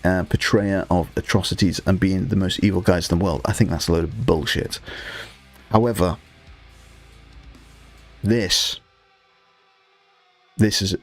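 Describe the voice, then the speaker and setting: A young man with a Northumbrian accent, hosting a casual live stream while painting miniatures, rambling with frequent restarts and crude banter. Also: on the low side. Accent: Northumbrian English. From Northumberland, England. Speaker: livestream host.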